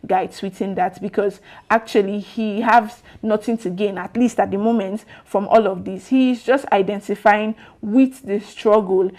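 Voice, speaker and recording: A woman's voice: mid-range voice, a little mellow. Opinionated Nigerian woman commentator. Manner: conversational, with frequent um and you know fillers; sarcastic, opinionated. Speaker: commentator reading reactions. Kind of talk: political commentary reading out social media posts.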